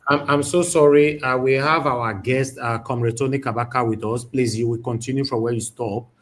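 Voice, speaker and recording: A man's voice: mid-range voice, fairly even intonation, normal speed, a bit bright, slight background noise. A man hosting a live talk show, courteous with guests and stern with rude commenters. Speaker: host.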